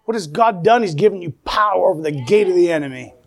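A man's voice: high-pitched, lively intonation, fast. A man preaching a fervent sermon to a congregation, calling out amen and praise the Lord.

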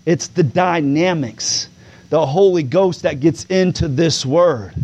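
A man preaching a sermon to a congregation. He moves from easy conversational talk to loud, drawn-out preaching with calls of "come on now". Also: fairly high pitch.

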